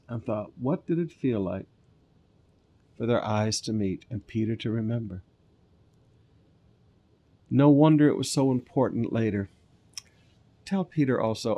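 Expressive pastor preaching. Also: male voice, mid-range voice. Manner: conversational, shifting from lively asides to soft, earnest appeals. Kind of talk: sermon with scripture reading.

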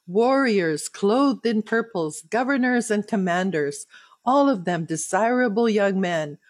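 Slow, earnest woman teaching scripture. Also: mid-range voice, darkish tone, no room sound. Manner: slow, earnest, personal devotional tone. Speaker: Bible teacher. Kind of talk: Bible reading and commentary.

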